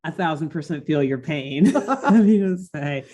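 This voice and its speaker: A woman co-hosting a podcast who reacts with quick quips and frequent laughter. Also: deep voice, lively intonation, dark tone. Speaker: podcast co-host. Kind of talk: casual chat.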